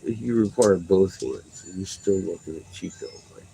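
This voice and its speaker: A man at home talking casually to his dogs, swearing freely and slipping into high coaxing pet talk. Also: normal speed, vocal fry, warm tone, slight background noise, low-quality recording.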